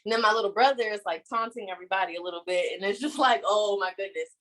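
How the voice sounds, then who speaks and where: A young woman on a video call chat, telling a family story in a hesitant, chatty way with many pauses. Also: medium pitch, fairly bright tone, poor audio. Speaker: guest sharing a story.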